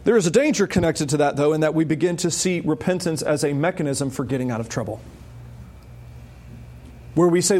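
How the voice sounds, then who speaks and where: A man preaching an expository sermon, emphatic, with wry asides and high urgent peaks on key points. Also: brisk, long pauses, a little mellow. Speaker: pastor.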